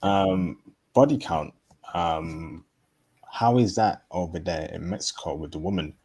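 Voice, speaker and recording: A man's voice: deep voice, unhurried, darkish tone, husky. A man hosting an interview, asking blunt, matter-of-fact questions in a casual way. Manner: blunt, matter-of-fact, calls guest bro. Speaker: interview host.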